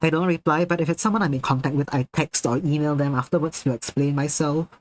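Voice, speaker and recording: Excitable swearing male streamer. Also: a little high, quick pace, slight background noise, poor audio. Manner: excitable, swears freely, laughs often while reacting to chat. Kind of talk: casual live-stream chat.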